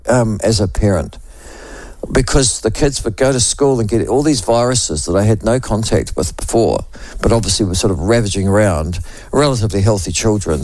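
A man in his sixties with a New Zealand accent, hosting a talk radio show with a voice hoarse from a cold, rambling and chatty with many restarts. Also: fairly low pitch, darkish tone, no echo. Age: 60s. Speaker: radio host. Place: radio studio.

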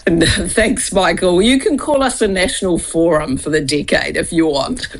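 A woman guest on a talk radio interview, speaking as the head of a charity. She answers briskly and in a friendly way, with a few halting restarts mid-sentence. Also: fairly low pitch.

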